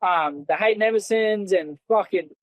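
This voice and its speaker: A man's voice: high voice, moderate pace, no echo, narrow, tinny audio. An Australian man, a former fighter, telling stories in an interview in a blunt, rambling and heavily profane way. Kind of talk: casual interview storytelling.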